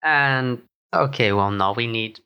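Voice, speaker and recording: A man playing a tabletop game, haggling slowly and deliberately with the game master. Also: mid-range voice, smooth, highs cut off. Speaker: player.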